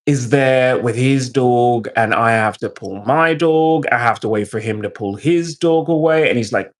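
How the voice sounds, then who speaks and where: A man's voice: medium pitch, unhurried. A man who is a military veteran, telling stories and ranting profanely to his live-stream chat. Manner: profane, animated storytelling.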